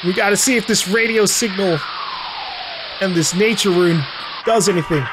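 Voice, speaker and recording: A man's voice: high-pitched, moderate pace, music in the background. A man giving casual let's play commentary, swearing often and laughing between lines.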